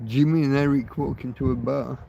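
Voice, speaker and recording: A man's voice: medium pitch, fairly even intonation, a little fast, vocal fry, mellow, muffled recording, slight background noise. A man hosting a livestream, chatting in a rambling way with many fillers and restarts. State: laughing through tears. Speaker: livestream host. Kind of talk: rambling casual chat.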